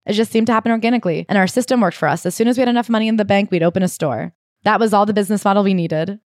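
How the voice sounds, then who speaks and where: A woman co-hosting a podcast, chatting casually as she retells a memoir with animated asides. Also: mid-range voice, rapid-fire, no room sound, clean studio sound. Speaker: podcast co-host.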